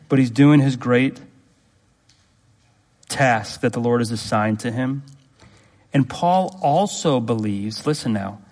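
Earnest preacher man in a reverberant hall. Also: medium pitch. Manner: earnest, emphatic, repeats phrases and asks the congregation direct questions. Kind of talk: sermon.

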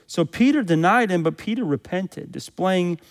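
Male preacher, a touch high-pitched, sermon delivery with swells for scripture readings, recorded with long reverb. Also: animated, moderate pace, vocal fry.

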